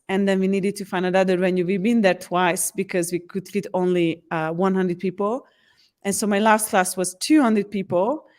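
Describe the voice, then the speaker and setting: A woman speaks, mid-pitched and earnest, telling an interviewer about her coaching work. She often restarts her phrases and slips into small acted quotes. The delivery is conversational and unhurried. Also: darkish tone. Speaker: empowerment coach.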